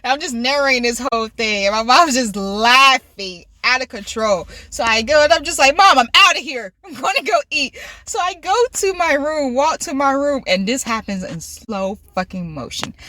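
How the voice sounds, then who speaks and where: High, lively woman telling a story. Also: normal speed, no room sound. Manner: animated, excitable storytelling. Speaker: vlogger. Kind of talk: casual storytime. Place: inside a car.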